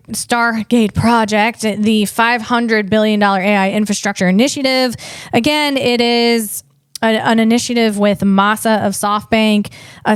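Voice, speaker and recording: A woman's voice: mid-range voice, clear, resonant tone, no echo, clean studio sound. A woman hosting a comedy podcast, riffing casually and interrupting herself as she talks. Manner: chatty, riffing, self-interrupting.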